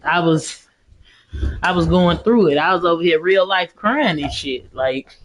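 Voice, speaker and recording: A woman's voice: on the low side, measured pace, slight background noise. A middle-aged woman chatting casually and profanely to her stream audience while gaming, laughing at her own jokes.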